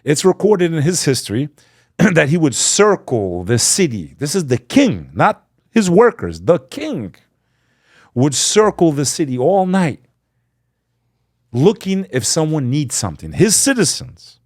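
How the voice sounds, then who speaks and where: A man as a podcast guest, telling a story with fervor, swinging between loud emphasis and hushed asides. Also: a little high, sing-song, a little slow, no echo, studio quality. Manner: acts out quoted speech. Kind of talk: impassioned storytelling in conversation.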